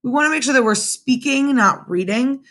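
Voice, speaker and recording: A young woman teaching a remote class from home through her computer's webcam, in a lively manner, often checking in with her students with "right?". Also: sits high, normal speed. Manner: animated, addresses students directly with frequent "right?". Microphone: computer webcam mic.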